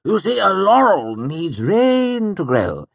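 Brief: giddy old male count in an audiobook, high and swooping, as a male narrator puts him on. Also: slow, vocal fry, dry recording, exaggerated voice. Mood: animated. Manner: giddy, animated, gesturing wildly. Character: excitable older male nobleman, short and bright-eyed.

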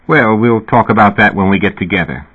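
A man's voice: fairly low pitch, fairly quick, husky. A man voicing a genial, amused male musician with a slight British accent and a twinkling, lilting manner. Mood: chatty. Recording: tinny phone-like audio.

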